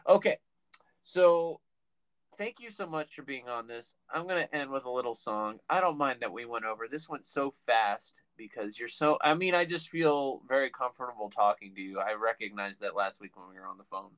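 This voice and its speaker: A man hosting a laid-back podcast, telling rambling stories that keep stopping and restarting. His voice sits at an ordinary middle pitch, and he talks in a loose, conversational way. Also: lively intonation, normal speed, a bit bright, clear, resonant tone, dry recording, rough recording. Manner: rambling, self-interrupting storyteller. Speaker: podcast host. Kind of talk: casual interview chat.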